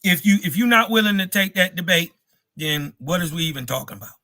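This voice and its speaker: Combative male stream host, high bright voice, slangy, interrupts a lot, dry close sound. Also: animated, brisk, no room sound. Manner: slangy, combative, talks over others. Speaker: livestream host. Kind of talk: heated live debate.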